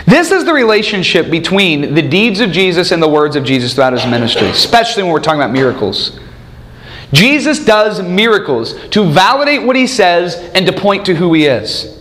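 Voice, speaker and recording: A man's voice: a little high, a little fast. A man preaching a sermon, acting out quoted voices and asking the listeners questions. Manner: animated, acts out quoted voices, asks the congregation questions. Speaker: pastor.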